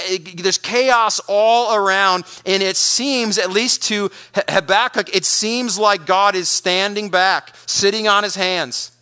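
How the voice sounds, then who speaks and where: A man delivering a sermon with urgent, emphatic energy. His voice sits high and rings bright. He often stumbles over and repeats words as he drives his points home. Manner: energetic, emphatic preaching with repetitions. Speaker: pastor.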